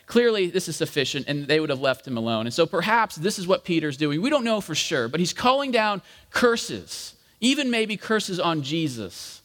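A man's voice: a little high, big pitch swings, normal speed, few pauses, a bit bright. A man preaching a sermon in a conversational, explanatory way, with frequent fillers. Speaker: pastor. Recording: long hall reverb.

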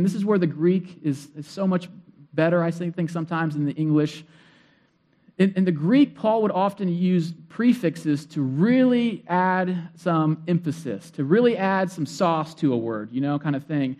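A male pastor preaching an earnest sermon, repeating key words for emphasis and dropping to quiet phrase endings. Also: high-pitched.

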